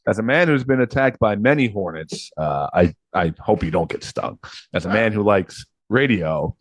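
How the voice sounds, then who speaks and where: A man's voice: fairly low pitch, lively intonation, moderate pace, no room sound. A man hosting a podcast, joking in casual banter with wry, dry interjections. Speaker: podcast host.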